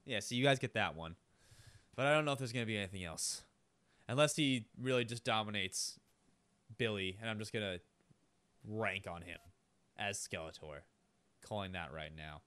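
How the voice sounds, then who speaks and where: A man doing casual play-by-play wrestling commentary, excitable and swearing, with joking asides and a voice strained from overuse. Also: on the low side, normal speed, pauses often, clear, resonant tone. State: strained, losing his voice.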